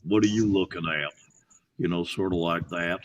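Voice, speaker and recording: A man voicing a bored, surly male cartoon dog who talks in a gruff, dismissive way. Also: low voice, fairly even intonation, moderate pace, distant mic, muffled recording, slight background noise, voice pushed down, lightly acted.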